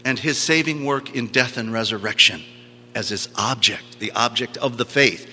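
A man's voice: medium pitch, moderate pace, pushed and bright. A man preaching a sermon, teaching emphatically and repeating key phrases for stress. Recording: long hall reverb.

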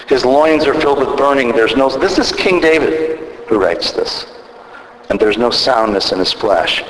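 A man preaching in a church sanctuary, his lowish voice carrying through a roomy space. He speaks earnestly and at a measured pace, stopping to restart phrases. The sound is picked up a little far off, with a long reverb tail. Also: a little hiss or hum. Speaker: pastor. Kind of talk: sermon. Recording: echoey hall from a distance.

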